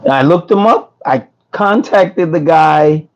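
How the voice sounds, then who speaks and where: On a phone recording with the highs cut off, a man with a somewhat high, expressive voice talks in an unhurried way. He's from New York and hosts a food truck business livestream, casually reading comments and joking and laughing with viewers while losing his voice.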